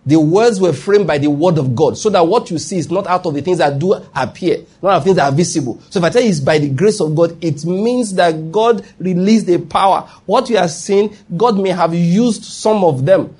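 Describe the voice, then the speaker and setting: A man's voice: high-pitched, normal speed, few pauses, darkish tone, husky. A man with a Nigerian accent preaching a sermon, emphatic and often asking whether listeners follow his point. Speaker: pastor.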